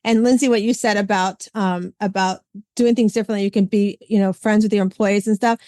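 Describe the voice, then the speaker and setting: A woman hosting a podcast, chatting casually and retelling stories with lively quoted voices. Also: mid-range voice, brisk, no echo, clean studio sound. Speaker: podcast host. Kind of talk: casual chat.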